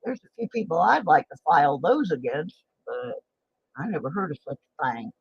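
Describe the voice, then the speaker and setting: A woman's voice: low voice, sing-song, moderate pace, vocal fry, slightly rough, dry recording. A woman in her late sixties chatting on a casual livestream, telling a story in an indignant, exclaiming way. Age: 60s. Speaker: livestream host. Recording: dull lo-fi stream audio.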